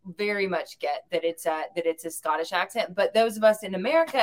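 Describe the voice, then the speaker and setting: A woman with an ordinary mid-pitched voice chatting as a podcast co-guest. She sounds enthusiastic and laughs easily as she explains things. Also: brisk. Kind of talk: casual chat.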